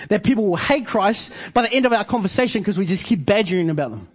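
A man preaching a sermon to his congregation, repeating key phrases slowly for emphasis. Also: sits high, animated, slightly rough. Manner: preaching with slow emphatic repetitions. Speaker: pastor.

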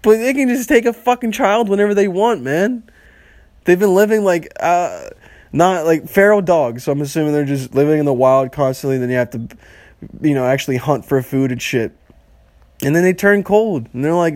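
A man's voice: on the high side, fairly quick, darkish tone, dry recording, studio quality. A young man hosting a solo podcast, rambling and swearing freely and laughing at his own jokes. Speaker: podcast host. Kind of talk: casual solo podcast rant.

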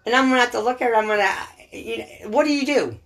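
A woman's voice: on the high side, rapid-fire, creaky. A middle-aged woman, a bartender, chatting casually and telling blunt, profane stories. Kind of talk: casual chat.

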